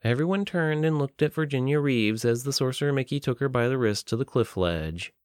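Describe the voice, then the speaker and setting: A man narrates a story in an audiobook style, reading in a steady, even way. His voice is smooth and clear at a middle pitch, and the recording is dry and close. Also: brisk, dry recording.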